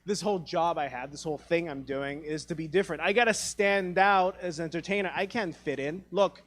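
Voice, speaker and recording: A man's voice: a little high, brisk, fairly bright tone. A man in his thirties from Taiwan, performing a stand-up comedy set on a theatre stage, profane and self-deprecating, acting out quoted dialogue. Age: 30s.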